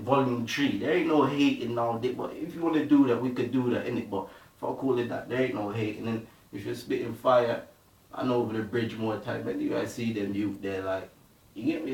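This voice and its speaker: Young male Bristol MC, slangy street talk and freestyle bars, roomy sound, heard from across the room. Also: mid-range voice. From Bristol, England. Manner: slang-heavy, keeps asking "you get me", "innit". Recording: roomy, distant from the mic.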